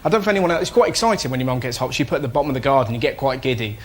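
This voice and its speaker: A man, a comedian on a panel show, telling excitable, laughing stories. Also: mid-range voice. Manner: fast, excitable, laughing storyteller. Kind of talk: stand-up routine on a panel show. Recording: loud studio audience laughter.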